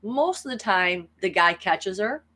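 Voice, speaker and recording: A woman's voice: mid-range voice, expressive, unhurried, bright, forceful tone. A woman hosting her own spiritual video channel, retelling a film in a chatty, rambling way full of asides. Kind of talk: casual vlog storytelling.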